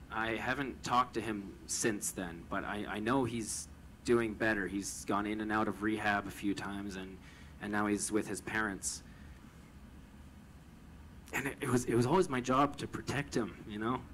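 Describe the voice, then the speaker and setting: A man's voice: on the low side, a bit bright, slight background noise, low-quality recording. A man telling a personal story with a lot of stammering repetition, retelling it with emotion.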